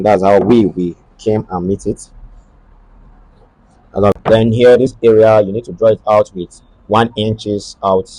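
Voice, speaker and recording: Man, low-pitched and dry-sounding, talks a tailoring lesson through in halting repeated steps. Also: dark tone, no echo, low-quality recording. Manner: halting, repetitive, thinks aloud while drawing. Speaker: tailoring instructor. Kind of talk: step-by-step sewing tutorial.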